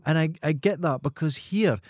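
A man co-hosting a podcast, chatty and quick to laugh, trading asides in casual chat. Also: on the high side, darkish tone, no echo, studio quality. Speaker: podcast co-host.

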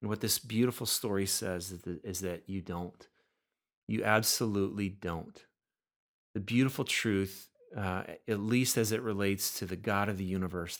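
A man preaching a sermon in a somewhat low voice. He talks earnestly, often repeating words as he builds toward a point. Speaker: pastor.

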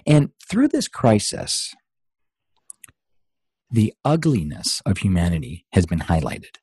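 A man's voice: lowish voice, darkish tone, breathy edge, no echo. A middle-aged man, a guest in an interview, speaking in an earnest, motivational way full of rhetorical questions. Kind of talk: conversational interview.

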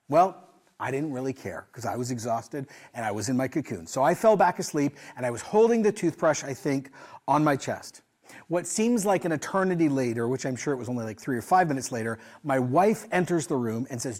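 A man in his forties preaching a sermon with a slightly higher voice than most men. He tells a personal story with humor, drops into soft asides, then rises into loud, emphatic lines. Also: animated, moderate pace. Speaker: pastor.

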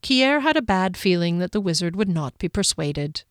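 A woman reading a fantasy novel aloud in a measured storytelling voice. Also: lowish voice, big pitch swings, clean tone, no room sound, studio quality. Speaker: audiobook narrator. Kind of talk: scripted fantasy narration.

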